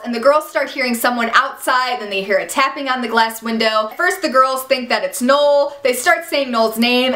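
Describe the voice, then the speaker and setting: Give me a high-pitched young woman in an echoey room, excitedly recapping a TV episode. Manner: gushing and exasperated, jumps into quoted shouts. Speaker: TV recap vlogger.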